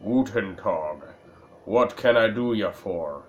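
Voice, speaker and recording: A man putting on a stout old tinkerer in a game, gruff but well-meaning. The voice sits low and moves at a slow, halting pace, with only a faint nod to a German accent. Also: lively intonation, a little hiss or hum, lightly acted. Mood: folksy. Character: stout gruff old male junk dealer with a German-tinged voice.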